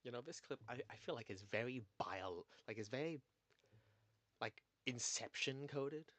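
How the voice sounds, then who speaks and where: A man's voice: mid-range voice, expressive, moderate pace, fairly bright tone. A young man chatting casually on a stream while editing video. He rambles, cuts himself off, and swears now and then.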